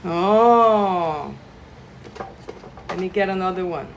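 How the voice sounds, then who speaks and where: A woman leading a live energy-healing session, guiding listeners with gentle instructions and sudden bursts of excited laughter. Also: mid-range voice, measured pace, highs cut off, slight background noise. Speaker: reiki practitioner. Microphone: phone livestream.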